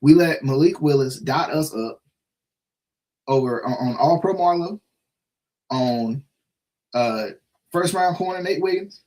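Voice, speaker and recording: A man's voice: fairly high pitch, expressive, unhurried, long pauses, a little mellow. A man hosting a casual live stream about his football team, talking in a frustrated, repetitive way with many restarts and tag questions. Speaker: sports show host.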